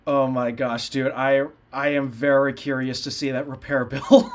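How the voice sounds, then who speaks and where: A man co-hosting a podcast in casual chat, talkative and quick to laugh. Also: mid-range voice, steady tone, slight background noise. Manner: chatty, laughs easily. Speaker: podcast co-host.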